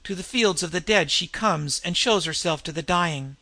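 Fervent wild-eyed old warrior, read by a man, raised voice, gravelly grain. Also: sits high, moderate pace, pushed and bright, dry recording, full character voice.

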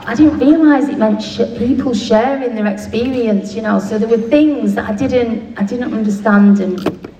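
A woman telling her recovery story with blunt, swearing, self-mocking humour. Her voice is mellow and dark. It sounds like a roomy hall picked up from a distance, with a faint hiss under it. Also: a little high, moderate pace. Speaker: speaker sharing at a recovery meeting. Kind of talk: candid comic recovery share. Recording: echoey room, distant mic, faint noise.

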